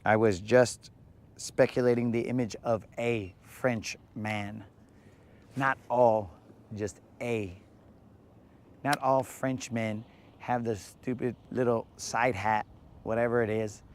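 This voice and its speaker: Slow-talking man hosting a fishing vlog. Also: medium pitch, steady tone, a little hiss or hum. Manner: laid-back joking banter. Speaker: fishing show host. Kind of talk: live fishing vlog chat. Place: on a boat on a lake, outdoors.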